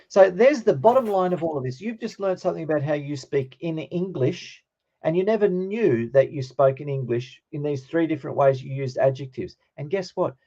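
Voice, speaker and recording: A man's voice: on the high side, mellow, dull audio. A man teaching a Greek grammar class, explaining patiently and checking in with his students.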